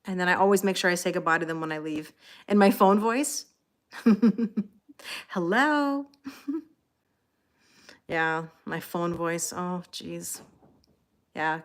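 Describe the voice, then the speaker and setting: A woman hosting a livestream, chatting casually with viewers and thanking them by name. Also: on the low side. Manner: talks to her cats between comments. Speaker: tarot reader hosting a livestream. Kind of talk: casual chat with live viewers.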